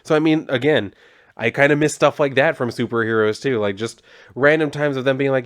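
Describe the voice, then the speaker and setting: A young man giving a casual comic book review, rambling and relaxed with plenty of fillers. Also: mid-range voice, fairly quick.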